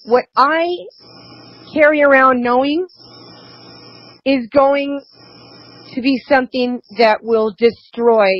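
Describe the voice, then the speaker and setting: A woman interview guest telling a painful personal account, tearful and halting, repeating words, yet defiant. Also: a little high, dull audio.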